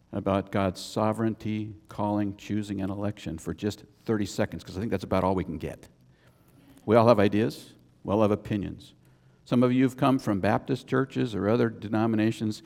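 A man's voice: mid-range voice, vocal fry, a little mellow. A man preaching a sermon as a pastor, conversational, with chatty asides between points. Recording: long reverb of a church hall.

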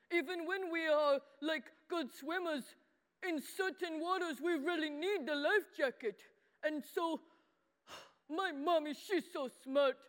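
An adult voicing a simple, earnest boy puppet who talks in broken childlike grammar and calls himself by name in a children's sermon. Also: high voice. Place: church hall. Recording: long church-hall reverb.

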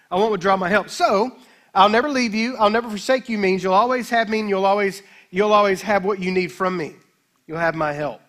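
A man pastor preaching a sermon, emphatic, with slow dramatic scripture readings. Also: high-pitched, a bit bright.

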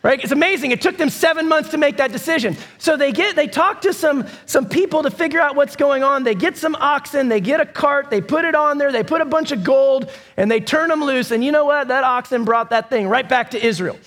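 A man's voice: very high-pitched, fairly quick, few pauses, fairly bright tone. A man preaching a sermon as pastor, telling the story casually with asides to the congregation. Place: church. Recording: long hall reverb.

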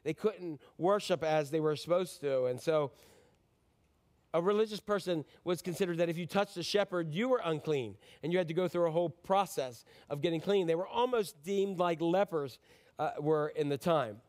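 Male pastor, high voice, chatty and joking Christmas sermon, keeps asking the congregation questions. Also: normal speed, a little mellow. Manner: conversational and joking, asks the audience questions.

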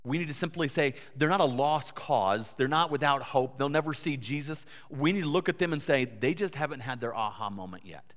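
A man's voice: mid-range voice, fairly quick, hardly any pauses, a bit bright. A man preaching a sermon as pastor, earnest, building to emphatic peaks and often repeating words. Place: church sanctuary. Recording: long church hall reverb.

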